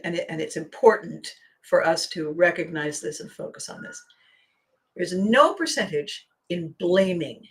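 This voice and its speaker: A middle-aged woman hosting a podcast, telling a story animatedly and laughing often. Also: medium pitch. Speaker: podcast host. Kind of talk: storytelling monologue.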